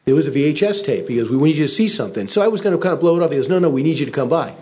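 A male host rattles through his anecdotes at a fast clip, acting out the voices as he goes. His voice sits a little high for a man. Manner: animated anecdote teller, acts out voices. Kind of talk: casual chat.

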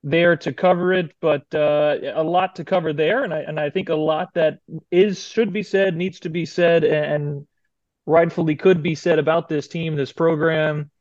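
A man hosting a sports podcast, talking earnestly and haltingly with many restarts. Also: a little high, steady tone, darkish tone, dry recording. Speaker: podcast host. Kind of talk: casual podcast talk. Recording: muffled lo-fi audio with faint music.

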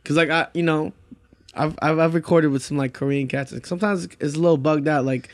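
A man's voice: on the high side, steady tone, fairly quick, dry recording. A man co-hosting a podcast, chatting in casual slang with hype reactions.

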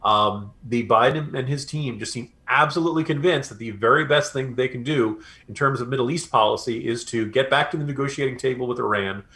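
A man's voice: mid-range voice, brisk, few pauses, a bit bright. A man co-hosting a political podcast, talking in a loose, rambling way and slipping into mocking voices when he paraphrases others. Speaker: podcast co-host. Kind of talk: casual political commentary.

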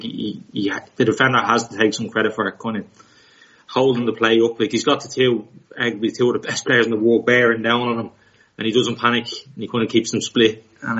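A man co-hosting a casual football chat, talking things through in a measured, reasoning way. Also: on the low side, a bit bright. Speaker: podcast co-host. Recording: slightly muffled sound.

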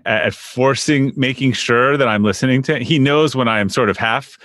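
A man hosting a podcast interview, relaxed and casual, often repeating words as he starts a sentence. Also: medium pitch, normal speed, no echo, clean studio sound. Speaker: podcast host.

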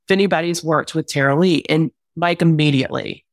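A young adult woman talks through a painful memory as a podcast guest, candid and rambling, leaning on "like" as she goes. Her voice sits somewhat low. The sound is dry and close. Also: fairly quick, no echo. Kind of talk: emotional personal account.

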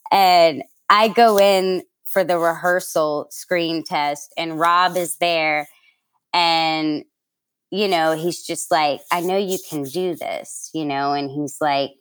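A woman's voice: sits low, fairly even intonation, slow pace, a bit bright, smooth. A young woman from New York City, a guest telling stories in a casual interview, chatty and laughing, with lots of fillers and acted-out quotes.

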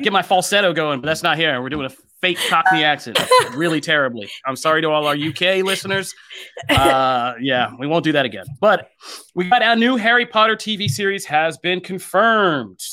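Bright, animated man on a casual podcast. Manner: animated, joking, goes high and loud when excited. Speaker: podcast co-host. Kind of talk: casual chat.

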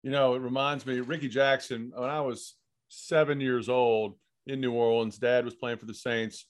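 A man hosting a podcast, telling stories in a relaxed, chatty way. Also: mid-range voice, moderate pace. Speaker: podcast host. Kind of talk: casual interview chat.

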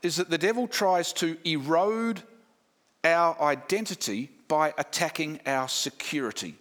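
Bright-voiced preacher. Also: male voice, a little high, unhurried. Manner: emphatic, repetitive lists, rhetorical questions. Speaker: pastor. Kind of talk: sermon.

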